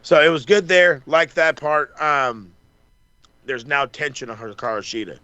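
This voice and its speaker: Guy on a wrestling podcast, bright punchy voice, dry close sound, swears constantly. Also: fairly high pitch, a little slow, clean tone, no room sound. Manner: animated, swears a lot, acts out wrestlers' lines. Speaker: podcast co-host. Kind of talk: casual profane wrestling recap.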